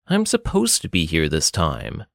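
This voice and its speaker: A man's voice: sits low, wildly swooping pitch, unhurried, gravelly, a bit bright, no echo, studio quality, pitched below the performer's own voice, heavily acted. A man doing a drawling grave older brother.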